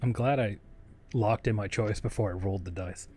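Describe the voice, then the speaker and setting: A man's voice: lowish voice, moderate pace, warm tone. Crude, joking man at a tabletop game. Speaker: player. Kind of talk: casual tabletop play.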